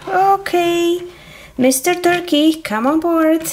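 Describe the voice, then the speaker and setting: Woman, toy play narration for children, cheerful, sing-song, high, slow. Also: animated, darkish tone, a little hiss or hum. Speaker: toy video host voicing a conductor doll.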